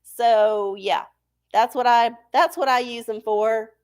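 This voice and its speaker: Woman streamer, slightly high voice, loose and profane, laughs a lot. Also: steady tone, slow pace, darkish tone. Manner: profane, laughing, chatty with viewers. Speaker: livestream host. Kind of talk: casual live-chat talk.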